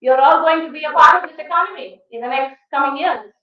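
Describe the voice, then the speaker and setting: A woman with an Indian English accent lectures a college class, pressing them with one rhetorical question after another. Her voice sits high and carries emphatic energy. The sound comes from some distance in a reverberant hall. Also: quick pace. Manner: emphatic, animated. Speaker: guest lecturer. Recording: echoey hall, distant dull mic.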